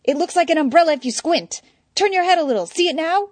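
A woman voicing a jittery, paranoid man who blurts out his fears in a loud, high voice. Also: big pitch swings, slow pace, no echo, exaggerated voice. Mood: fretful. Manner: panicky, exclamatory, fretful.

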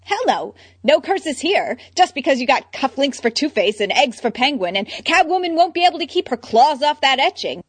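A woman voicing a jittery, paranoid man who blurts out his fears in a loud, high voice. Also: very animated, takes it slowly, few pauses, no room sound, full character voice. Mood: flustered. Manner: panicky, exclamatory, fretful.

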